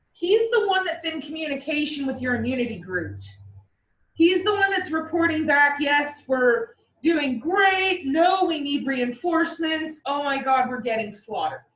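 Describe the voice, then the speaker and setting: A woman teaching a class in a playful way, with vivid comparisons and quick mock voices, recorded from across the room. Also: sits high, recorded from a distance. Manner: playful, uses military metaphors and mock voices. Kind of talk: classroom lecture. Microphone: far from the mic. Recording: echoey classroom recorded from afar.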